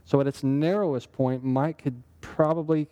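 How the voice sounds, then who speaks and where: A man with a mellow, relaxed voice leads a Bible study. He talks in an easy conversational way and keeps checking in with his listeners with quick questions. It sounds like a casual teaching session rather than a formal sermon. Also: a little high, lo-fi sound. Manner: conversational, asks the group questions. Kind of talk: interactive sermon.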